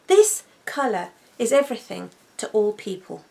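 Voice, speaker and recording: A woman talks in a relaxed, intimate way with an unhurried, leisurely pace. Her voice carries a gravelly fry, and she gushes happily, often repeating words for emphasis. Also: medium pitch. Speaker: wig vlogger.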